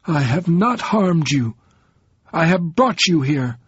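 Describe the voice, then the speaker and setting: A man's voice: a little high, sing-song, slow, breathy edge, no echo, voice pushed up, exaggerated voice. A man voicing a bitter, proud woman who speaks in vehement, formal outbursts. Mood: icy. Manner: spitting, vehement, formal speech. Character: bitter, proud woman in fierce, cold fury. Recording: dull, lo-fi sound.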